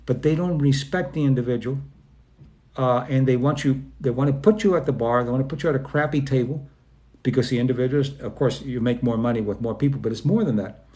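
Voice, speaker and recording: Mellow-voiced man giving a relaxed talk. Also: medium pitch. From Spain. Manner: acts out quoted people with quick voice changes. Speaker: speaker on self-esteem. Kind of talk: informal talk to an online audience.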